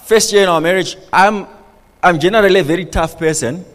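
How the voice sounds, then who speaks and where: A man preaching a sermon as pastor, animated, firing rhetorical questions at the congregation. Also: high voice, brisk, big-room sound.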